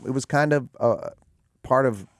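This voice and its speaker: A man's voice: mid-range voice, moderate pace, no room sound. A man from Boston, an actor and producer, talking eagerly in a studio interview, often restarting his sentences. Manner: eager, rambling with frequent restarts. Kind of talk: talk show interview.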